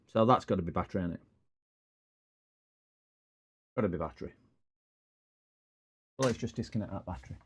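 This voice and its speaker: While repairing computers live on stream, a man with a broad Scottish accent says hello to viewers and drifts through stories. He speaks casually in a lowish, mellow voice.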